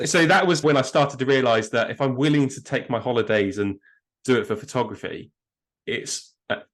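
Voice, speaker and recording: A man's voice: mid-range voice, fairly quick. A man with a southern English accent talking casually in a podcast interview, enthusiastic and self-deprecating, often restarting his words. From England. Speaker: guest photographer.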